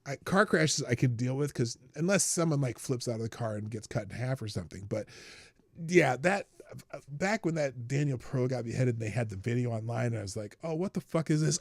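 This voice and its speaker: A gravelly-voiced man with lively intonation talks fairly quickly in clean studio quality with no room sound. Hosting a live stream of casual unscripted chat, he reads viewer questions and answers bluntly and profanely, joking, laughing at himself, and swinging from low mutters to loud outbursts.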